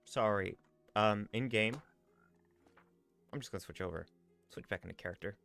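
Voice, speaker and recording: A man's voice: lowish voice, moderate pace, gravelly, fairly bright tone, soft background music. A man streaming a game live, chatting casually, reading viewer messages aloud and slipping in and out of a playful role-play. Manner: playful, rambling, reads chat messages aloud.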